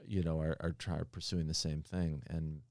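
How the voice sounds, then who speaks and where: A man's voice: rumbling low, little pitch movement, moderate pace, a little mellow, no echo, studio quality. A man in a podcast interview, a pharmaceutical executive answering earnestly with many fillers and restarts.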